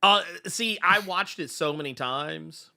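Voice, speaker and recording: A man hosting a podcast in a casual chat, animated and rambling, laughing often. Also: fairly high pitch, a little slow, gravelly, clear, resonant tone. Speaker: podcast host.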